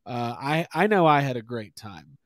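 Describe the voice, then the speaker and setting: Animated male podcast host. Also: mid-range voice, moderate pace, no room sound, studio quality. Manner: jokey, leads the segments. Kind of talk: casual chat.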